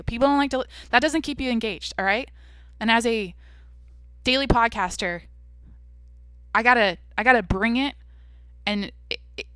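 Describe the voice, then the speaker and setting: A woman's voice: medium pitch, sharp tone, no room sound, studio quality. A young woman hosting a daily podcast alone, talking in a brash, blunt, profane, casual way. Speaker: podcast host. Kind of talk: casual solo podcast chat.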